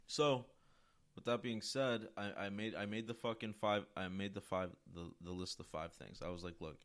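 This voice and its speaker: A man's voice: fairly low pitch, steady tone, moderate pace. A man hosting his own podcast, talking in a loose, rambling monologue and swearing constantly for emphasis. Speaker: podcast host. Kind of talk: casual monologue.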